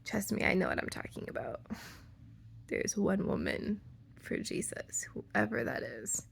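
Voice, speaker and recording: A woman's voice: medium pitch, big pitch swings, a little slow, gravelly, breathy edge. A young woman with an American Valley girl accent, talking casually to camera, full of "like" fillers, playful asides and half-whispered lines. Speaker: vlogger.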